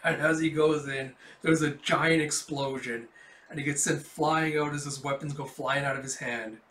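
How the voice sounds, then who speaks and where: A man's voice: a little high, fairly even intonation, normal speed, a bit bright. A man casually reading a comic book aloud, with swearing and laughing asides. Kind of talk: casual comic readthrough narration. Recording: roomy echo.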